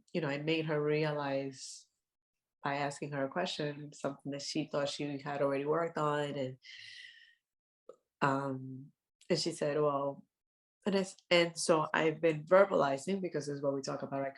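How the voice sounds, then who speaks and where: A woman co-hosting a podcast, chatting casually and stopping often to restart her sentences. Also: sits low. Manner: halting, many restarts. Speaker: podcast co-host. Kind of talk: casual chat.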